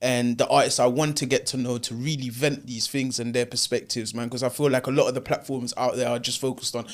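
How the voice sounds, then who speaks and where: A young man hosting a casual interview, with a mid-range voice. He talks with enthusiasm and says "bro" and "man" a lot, in a relaxed, friendly way. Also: medium pitch, fast talker, few pauses. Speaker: interview host.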